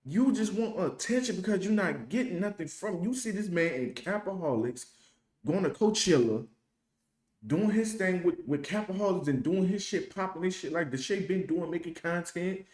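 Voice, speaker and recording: A man hosts a reaction video, mocking and swearing his way through blunt commentary. His voice sits a little high. The room around him rings with echo. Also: darkish tone. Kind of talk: heated commentary.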